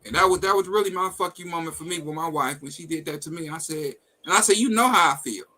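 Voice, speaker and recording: A man with a high, bright, forceful voice tells a heated personal story on a live talk stream. He is blunt and profane and acts out each line of quoted dialogue. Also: fast, rough recording. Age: adult with a wife and kids. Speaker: host. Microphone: video call setup.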